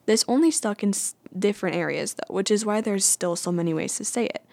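A woman's voice: mid-range voice, fairly quick, vocal fry, a little mellow, no room sound. A woman vlogging in a chatty, playful, self-mocking way. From United States. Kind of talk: casual chat.

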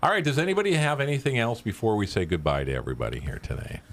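A man's voice: lively intonation, racing. A man co-hosting a casual joke podcast, chatting and laughing through the banter. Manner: laughs through banter, quotes characters with raised pitch. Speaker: podcast co-host.

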